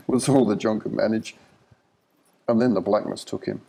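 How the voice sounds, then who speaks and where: A man narrating a horror short story in a measured, vivid storytelling manner. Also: lowish voice, steady tone, vocal fry, warm tone, slightly rough, poor audio.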